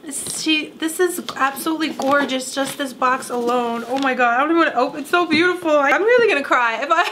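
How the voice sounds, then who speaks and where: A woman's voice: high voice, quick pace, a bit bright, slight background noise. A young woman gushing through an emotional unboxing vlog, gasping and close to tears. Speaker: beauty vlogger.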